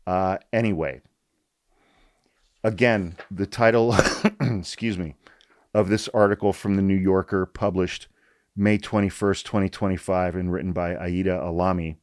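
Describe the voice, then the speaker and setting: A man's voice: sits low, steady tone, unhurried, pauses often, darkish tone, no room sound, studio quality. A man hosting a political podcast, speaking bluntly and heatedly, swearing often and repeating his points for emphasis. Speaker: podcast host. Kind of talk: political commentary podcast, reading an article aloud.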